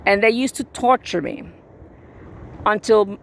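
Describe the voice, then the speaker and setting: A woman telling a personal story in a blunt, sassy, animated way. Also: medium pitch, measured pace, creaky, a little hiss or hum. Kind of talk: casual storytelling.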